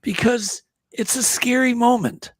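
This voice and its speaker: Male podcast host, high and breathy, dry close sound, pushes with playful questions. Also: a little slow, dry recording. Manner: probing, joking questions. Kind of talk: casual interview.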